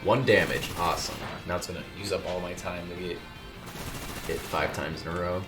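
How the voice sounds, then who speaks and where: A man's voice: deep voice, fairly even intonation, moderate pace, music in the background. A man streaming a game, chatting casually and joking while he plays. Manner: laid-back, joking, talks to himself while playing. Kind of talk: casual gaming chat.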